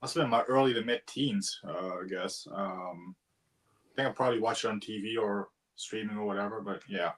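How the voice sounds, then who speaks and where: A young man chatting on a podcast, enthusiastic and quick to laugh. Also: lowish voice, steady tone, fairly bright tone. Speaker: podcast co-host. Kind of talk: casual chat.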